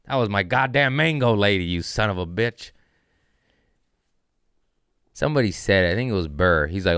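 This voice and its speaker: A man's voice: fairly low pitch, animated, moderate pace, long pauses, fairly bright tone, smooth, no echo, studio quality. A man doing a comedic podcast monologue, riffing casually and breaking into profane rants with self-mocking asides. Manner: profane ranting with rising outbursts.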